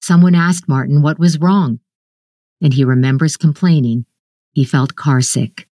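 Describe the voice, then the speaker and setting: A woman narrating a literary short story in a measured, even storytelling manner. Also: sits low, dry recording, clean studio sound.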